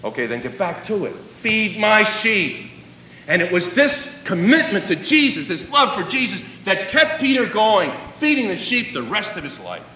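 Animated preacher man in an echoey hall. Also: sits high, moderate pace, hardly any pauses, slight background noise. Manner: animated storytelling, acting out dialogue. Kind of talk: sermon.

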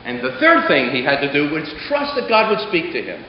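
A man preaching a sermon to a congregation, building to dramatic emphasis and then dropping to a hush. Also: on the high side, wildly swooping pitch, moderate pace. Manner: dramatic, swelling emphasis and sudden hushed drops. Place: large hall before a congregation. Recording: echoey hall, muffled, faint hiss.

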